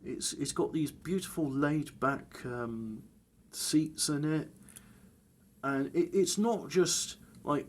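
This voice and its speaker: A man's voice: on the high side, slow pace, a little hiss or hum. A man in casual chat, rambling and correcting himself with wry asides.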